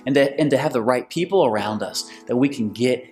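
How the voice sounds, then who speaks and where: A pastor giving an energetic, excited sermon. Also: male voice, mid-range voice, fairly quick, soft background music.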